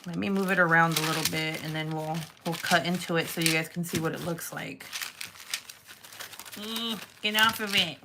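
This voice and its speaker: A woman's voice: sits low, flat delivery, fast talker, hardly any pauses, noisy background. A young woman casually chatting with her viewers while she works with clay, giggling often. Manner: chatty, giggly, talks to live chat viewers. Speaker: polymer clay livestream host. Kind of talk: casual livestream chat while crafting.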